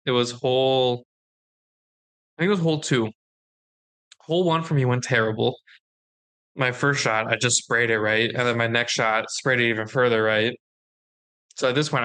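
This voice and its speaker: Bright-voiced man telling a story. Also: mid-range voice, moderate pace, long pauses, clean tone. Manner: animated storyteller acting out quoted dialogue. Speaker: podcast co-host. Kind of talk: casual chat.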